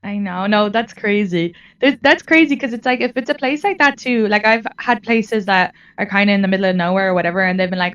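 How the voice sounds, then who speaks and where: A woman's voice: medium pitch, fast, hardly any pauses, a bit bright, recorded from a distance, muffled recording. An Irish woman who is a guest comedian, chatting frankly and casually with a bit of swearing. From Ireland. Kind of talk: casual chat.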